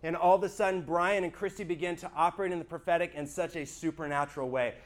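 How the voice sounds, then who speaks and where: Man, high voice, earnest testimony talk, animated, checks in with listeners. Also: fast. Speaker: speaker giving his testimony. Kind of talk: church testimony talk to a small group.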